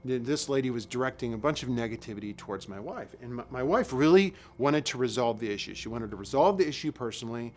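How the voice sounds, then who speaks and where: A middle-aged man preaching a sermon in a relaxed, conversational way, telling stories with asides and repeated phrases. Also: medium pitch. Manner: conversational, storytelling with asides and repetitions. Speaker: lay preacher.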